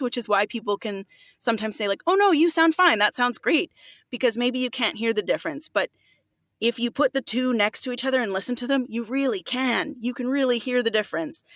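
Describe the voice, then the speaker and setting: A woman's voice: on the high side, fairly bright tone, no room sound, studio quality. A woman who is a voiceover artist, talking earnestly in casual conversation with frequent filler words. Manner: earnest, lots of filler likes.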